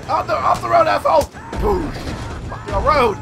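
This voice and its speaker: Excitable high-voiced gamer man. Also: creaky, heavy background noise. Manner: loud, excitable, constantly swearing and laughing. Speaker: gameplay video host. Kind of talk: let's-play commentary.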